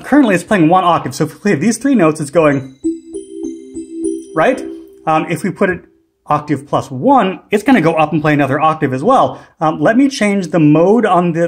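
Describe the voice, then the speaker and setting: A man's voice: fairly high pitch, breathy edge. A man hosting a music gear tutorial, explaining casually and unhurriedly with frequent ums and restarts. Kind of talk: casual instructional demo.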